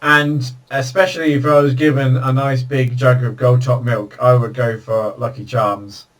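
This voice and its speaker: A man's voice: medium pitch, little pitch movement, moderate pace. A man hosting a casual video call chat, telling jokey stories. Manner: chatty storyteller, jokey. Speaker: host. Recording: distant video call audio.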